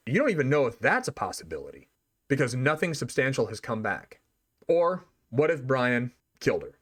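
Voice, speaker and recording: Man, podcast host, blunt monologue, heavy cursing, argumentative, mid-pitched voice. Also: a bit bright.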